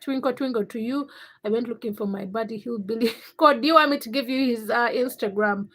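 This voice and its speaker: A woman's voice: a little high, a little fast, fairly bright tone. Chatty young woman hosting a livestream. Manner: reads viewer names and greets them, then tells a personal story. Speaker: livestream host. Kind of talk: casual livestream chat.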